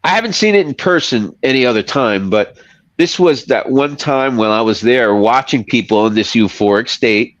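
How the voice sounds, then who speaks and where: A man's voice: mid-range voice, animated, normal speed, no room sound, highs cut off. A man chatting casually on a podcast, rambling and laughing as he loses his thread.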